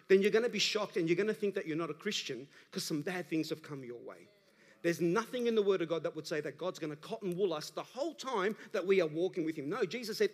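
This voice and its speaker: A man, a pastor delivering an animated sermon that rises to emphatic calls to the congregation. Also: on the high side, a little fast. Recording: preached in a large reverberant church hall.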